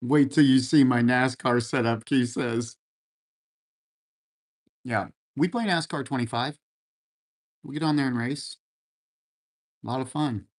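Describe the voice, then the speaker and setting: Speaking at a measured pace with frequent pauses, a medium-pitched man hosts a casual livestream. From his racing-gear-filled room at home, he reads out what viewers write and answers easygoingly and encouragingly, repeatedly using man and brother.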